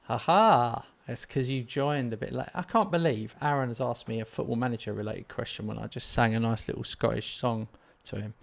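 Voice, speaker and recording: A man's voice: medium pitch, fairly even intonation, a little fast, gravelly, hardly any pauses. A man hosting a gaming live stream, chatting casually and rambling in a self-mocking way while answering viewers.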